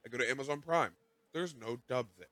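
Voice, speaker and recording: A man's voice: medium pitch, brisk, fairly bright tone, no echo. A man hosting a podcast, telling a rambling, self-mocking story in casual chat, swearing freely. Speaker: podcast host.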